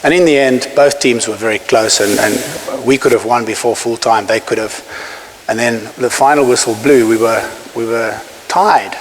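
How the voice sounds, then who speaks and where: A South African man in his forties tells a story from a conference stage, emphatic and pausing for effect. His mid-pitched voice rings with a long hall reverb, and a faint hiss sits under the recording. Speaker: keynote speaker. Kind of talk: inspirational keynote speech. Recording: hissy hall recording, echoing.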